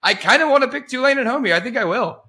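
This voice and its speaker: A man co-hosting a sports podcast, animated and laughing through his casual points. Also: extremely high pitch, fast. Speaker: co-host.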